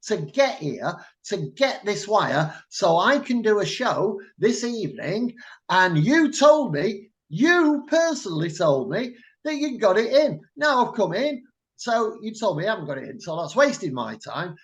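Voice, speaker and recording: A man with a Mancunian accent, co-hosting a chat show and telling a story loudly and bluntly. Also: high voice, muffled recording. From Manchester, England. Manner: animated storytelling, loud and blunt. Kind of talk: casual chat.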